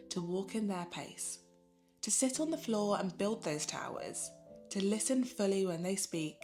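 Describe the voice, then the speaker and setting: A woman with a slightly low voice narrates a reflective piece about motherhood in a soft, soothing, unhurried manner. Her words are scripted and calmly paced, like a voice-over. Music plays clearly beneath her voice throughout. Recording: voice-over with music playing underneath.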